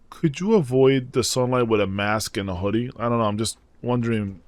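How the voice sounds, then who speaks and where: Excitable man reacting to anime. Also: medium pitch, moderate pace, no echo. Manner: excitable, exclaims and shouts at the screen; slangy, says dude and bro a lot. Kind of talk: casual reaction commentary. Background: anime audio playing faintly.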